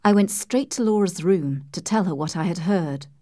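A woman narrating a classic novel in a calm, measured storytelling voice. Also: on the low side, no room sound, studio quality. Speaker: audiobook reader. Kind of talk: scripted narration.

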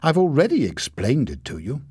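A man's voice: mid-range voice, huge pitch swings, normal speed, a little mellow, slightly rough, no room sound, clean studio sound, pitched above the performer's own voice. A man voicing a self-important young know-it-all who whines and lectures in a storybook reading. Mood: smug. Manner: haughty, whining, self-important.

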